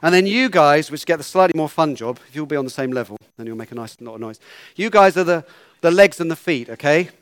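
A man's voice: a little high, lively intonation, quick pace, no echo. A man leading a children's talk in church, playful and coaxing, giving instructions.

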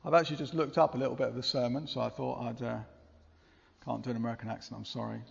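A man's voice: mid-range voice, steady tone, fast talker, creaky, husky. A man preaching a sermon in a church, earnest and conversational, often asking rhetorical questions. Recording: long reverb, dull lo-fi sound.

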